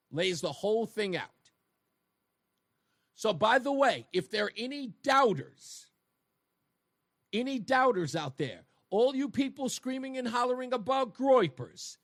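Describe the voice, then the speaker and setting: Speaking into a studio microphone, a male radio talk host uses a high, fairly bright voice that rises and falls widely. He addresses his audience directly, pressing his arguments hard with a steady stream of rhetorical questions, in a close, dry recording.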